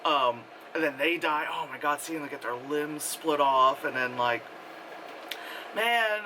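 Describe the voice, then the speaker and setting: A man giving a casual spoken movie review, rambling and excitable, full of fillers and acted-out quotes. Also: fairly high pitch, unhurried, background noise.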